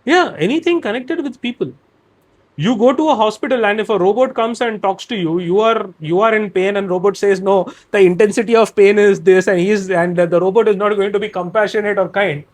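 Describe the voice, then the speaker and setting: A man with a high-pitched voice and a neutral Indian English accent talks in a candid podcast interview. He speaks expansively and emphatically, listing example after example to make his points. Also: fairly quick. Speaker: guest, operations director and career trainer.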